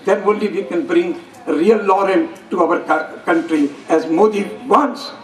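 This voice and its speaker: A man's voice: high-pitched, unhurried. A man with an Indian English accent giving an earnest, emphatic public speech at a school function, repeating phrases for effect. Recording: echoey hall, voice from far off.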